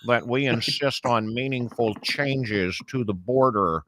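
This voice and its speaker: A man doing a slow, drawn-out impression of an old male senator. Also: mid-range voice, fairly bright tone, no room sound, lightly acted. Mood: drawling.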